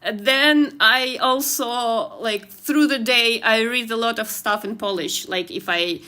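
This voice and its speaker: A woman's voice: on the high side, measured pace, bright, forceful tone. Giggly woman with a Slavic accent. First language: Ukrainian. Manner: chatty, giggly, trails off with many fillers. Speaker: streamer and artist. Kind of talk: casual live-stream chat while drawing.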